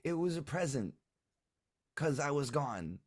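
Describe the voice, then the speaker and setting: A man's voice: fairly high pitch, sing-song, unhurried, pitched above the performer's own voice. A man voicing a small Harengon rabbit-folk boy who rambles breathlessly and repeats his words. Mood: excited.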